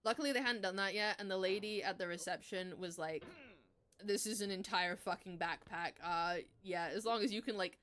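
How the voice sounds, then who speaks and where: Bright-voiced young woman telling a story. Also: mid-range voice, fairly quick, slight background noise. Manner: animated, swears freely, laughs between lines. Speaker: streamer. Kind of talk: casual storytelling chat.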